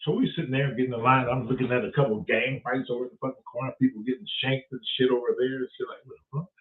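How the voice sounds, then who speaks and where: A man's voice: medium pitch, racing. A man from telling a comic story, cursing freely and acting out the other people's voices. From Detroit, USA. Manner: profane, animated, acts out voices of others. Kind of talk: comedic storytelling. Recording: tinny phone-like sound from a distance.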